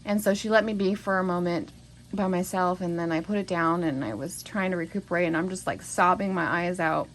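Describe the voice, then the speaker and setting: A woman's voice: lowish voice, steady tone, fairly quick, slight background noise, low-quality recording. A woman recording a spoken journal at home, telling a story in a rambling, emotional way with many restarts. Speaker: vlogger.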